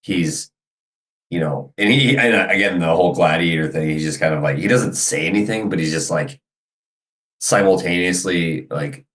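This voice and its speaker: A man's voice: low voice, normal speed, fairly bright tone. A man playing in a tabletop game, explaining his character's feelings in a rambling, casual way full of fillers. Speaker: player.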